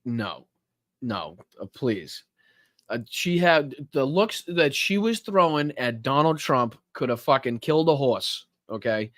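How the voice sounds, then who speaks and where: A man's voice: medium pitch, big pitch swings, unhurried, a bit bright, dry recording, clean studio sound. A man hosting a political podcast in casual commentary, profane and incredulous, cutting into clips to react. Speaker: podcast host.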